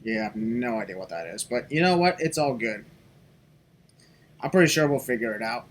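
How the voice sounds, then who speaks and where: A man's voice: mid-range voice, expressive, a little fast, a little hiss or hum. A man hosting a podcast in casual, joking, rambling chat. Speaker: podcast host.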